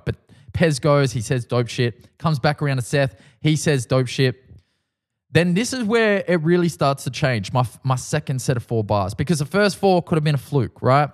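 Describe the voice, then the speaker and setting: A man with an Australian accent, a podcast host telling a story in a casual, animated, profane and self-mocking way. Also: medium pitch.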